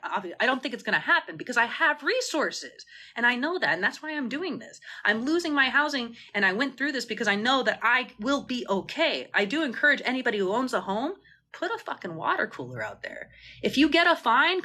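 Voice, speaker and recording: A woman with a bright, sharp, slightly high voice speaks into her phone on a livestream. She is an impassioned mutual aid organizer who swears freely and rambles, breaking off and restarting her sentences as she goes. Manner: passionate, indignant, swears freely. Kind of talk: livestream Q&A rant.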